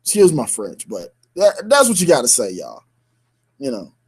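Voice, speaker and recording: A man's voice: medium pitch, wildly swooping pitch, normal speed, husky. A man co-hosting a sports radio show, ranting heatedly in slang-filled talk with bursts of laughter.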